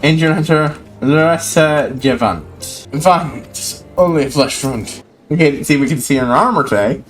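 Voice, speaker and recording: A man's voice: on the high side, measured pace, faint music behind. A man streaming a video game, chatting casually, swearing freely and reading quest text aloud. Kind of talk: casual gameplay commentary.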